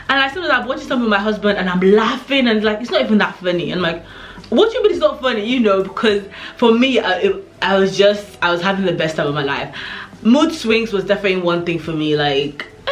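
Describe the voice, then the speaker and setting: Chatty pregnant woman vlogging. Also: mid-range voice. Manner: chatty, animated storytelling with many "like" and "oh my God". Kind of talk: casual chat to camera.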